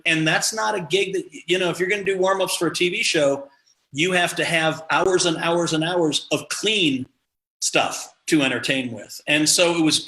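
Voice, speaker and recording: A man's voice: fairly high pitch, roomy sound, poor audio. A middle-aged man from the American Midwest telling comedy stories in casual chat, acting out the voices he quotes. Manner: animated, acts out quoted voices. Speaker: podcast guest, comedian.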